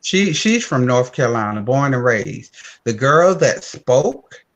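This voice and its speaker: Slow, emphatic man with lively pitch. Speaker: panel guest. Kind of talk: casual panel talk.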